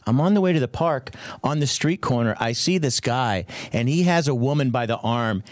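A man hosting a morning radio show, telling a story in a lively, self-mocking way and jumping into high voices for quotes. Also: moderate pace, dry recording. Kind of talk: animated storytelling on air.

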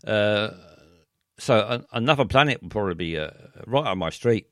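A man's voice: fairly low pitch, animated, moderate pace, no room sound, studio quality. A middle-aged man, hosting a late-night show and rambling through listener messages, hesitant and self-deprecating with many stammers. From England.

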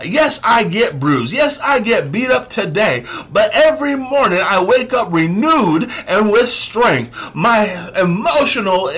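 A male preacher delivers a devotional message with emphatic, insistent conviction. His voice sits high and swings widely in pitch. He often doubles back on a phrase to press the point home. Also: sharp tone. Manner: emphatic, repeats phrases for stress; says "get this" often. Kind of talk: devotional sermon to listeners.

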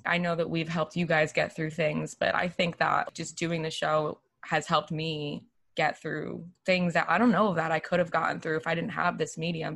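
A woman co-host talks reflectively in a casual podcast. Her voice is low and gravelly with vocal fry. The mic picks her up dry and close. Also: a bit bright, no echo.

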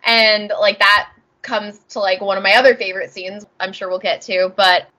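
A woman co-hosting a casual podcast chat, bubbly and quick to act out characters in little quoted voices. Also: medium pitch, fairly even intonation, sharp tone, low-quality recording. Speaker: podcast co-host.

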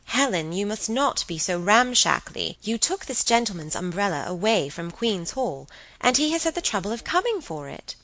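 A woman voicing a thoughtful, earnest young woman who speaks politely and gently chides in an audiobook. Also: mid-range voice, sing-song, moderate pace, no room sound, low-quality recording. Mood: chiding.

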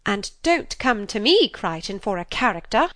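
A woman's voice: mid-range voice, sing-song, moderate pace, a bit bright, no room sound, studio quality. A woman playing a haughty aristocratic eldest daughter in an amateur drama reading.

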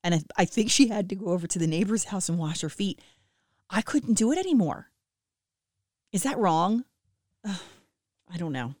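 A woman in her thirties chatting casually and self-deprecatingly to listeners about family life, with lively swings in her voice. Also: mid-range voice, normal speed, pauses often, no echo, clean studio sound. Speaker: mom sharing family updates with listeners. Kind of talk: casual chat.

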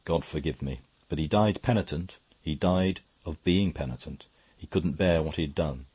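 A man's voice: extremely low pitch, normal speed, a little mellow, husky, exaggerated voice. A man voicing a mild, plain-spoken little priest giving evidence in court. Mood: earnest. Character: mild little middle-aged male priest witness.

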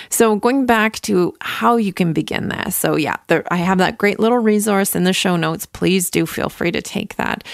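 A woman's voice: medium pitch, creaky, no room sound, clean studio sound. A woman in her thirties hosting her own podcast from home, chatting upbeat and acting out her own thoughts as she talks. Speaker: podcast host. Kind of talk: casual solo podcast talk.

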